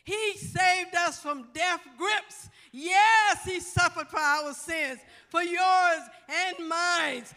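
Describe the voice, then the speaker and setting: A woman's voice: very high-pitched, slow pace, few pauses, pushed and bright. A woman pastor preaching a fervent gospel sermon, repeating and building her phrases. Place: church sanctuary. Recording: church hall reverb with faint music.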